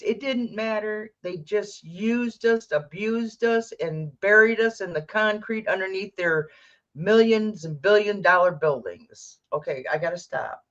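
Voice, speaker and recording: A woman psychic hosting a tarot livestream, ranting bluntly and rambling with restarts. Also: medium pitch. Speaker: psychic tarot reader, stream host. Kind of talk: casual livestream chat. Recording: dull lo-fi stream audio.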